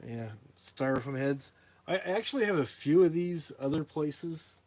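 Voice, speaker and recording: A man's voice: on the high side, animated, unhurried, darkish tone. A man live streaming a casual tour of his workshop, rambling, laughing at himself and chatting with viewers. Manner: rambling, self-mocking, laughs often. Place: workshop in a shipping container.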